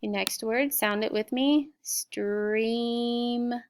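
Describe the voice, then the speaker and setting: A middle-aged woman teacher slowly sounding out spelling words and explaining vocabulary in a recorded lesson. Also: medium pitch, fairly even intonation, a bit bright. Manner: slow, clear word-by-word sounding out.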